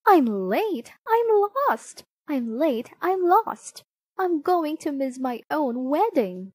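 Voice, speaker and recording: A panicked bride in a fancy white dress, put on by a woman reading a storybook, yelling high and loud with a wide swinging pitch. The sound is dry and close. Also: sing-song, takes it slowly, no echo, full character voice. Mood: frantic.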